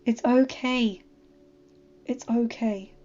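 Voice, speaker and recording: A woman voicing a caring young man who soothes an injured dragon softly in a storybook reading. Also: a little high, steady tone, unhurried, muffled recording. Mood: soothing. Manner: soft, soothing.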